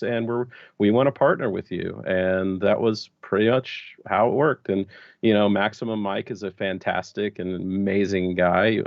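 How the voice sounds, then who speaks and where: Male guest, lower register, easygoing and chatty, lo-fi video-call sound. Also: gravelly, no echo. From Texas. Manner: relaxed, chatty, with fillers. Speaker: guest, larp designer. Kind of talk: casual video-call interview.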